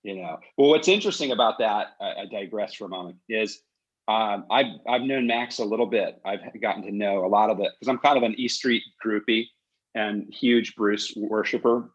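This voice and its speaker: A lower-voiced man with a husky edge hosts a podcast, chatting casually and drifting into animated stories. The audio sounds slightly dull and lo-fi. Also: normal speed. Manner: animated storyteller, digressive. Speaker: podcast host. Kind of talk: casual chat.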